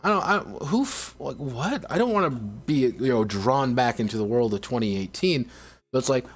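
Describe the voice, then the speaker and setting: A man's voice: medium pitch, expressive, normal speed, slightly rough. Sarcastic, profane male streamer ranting. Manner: sarcastic, profane, rambling with many restarts. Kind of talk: casual ranting commentary.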